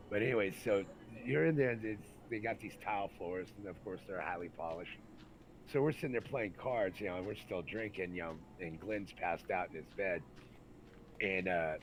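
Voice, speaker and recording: A man with a fairly low voice tells rowdy army stories in loose, swearing chat and acts out everyone in them. There is a faint hum of background noise behind him. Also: moderate pace, poor audio. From Santa Rosa, California, USA. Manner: animated, acts out the people in his stories, many fillers. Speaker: storyteller recalling army days. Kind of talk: casual profane storytelling chat.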